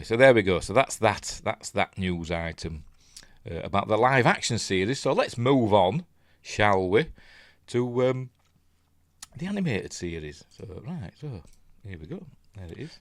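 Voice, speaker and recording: A man's voice: low-pitched, no echo, clean studio sound. A man with a Yorkshire accent giving casual news commentary, chatty and rambling, with lots of tag questions. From Yorkshire, England. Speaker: news vlogger.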